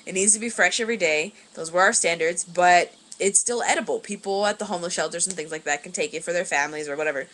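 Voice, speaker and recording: A woman's voice: lowish voice, fast, few pauses, fairly bright tone. A young woman telling a rambling story in a casual vlog, full of fillers and laughing as she goes, recorded on a webcam indoors at home. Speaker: vlogger.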